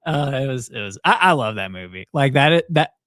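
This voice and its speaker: Young male co-host, easygoing and rambling, dry mic, mid pitch. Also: fairly quick, dry recording. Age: young adult. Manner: relaxed, laughs easily, rambling. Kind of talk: casual chat.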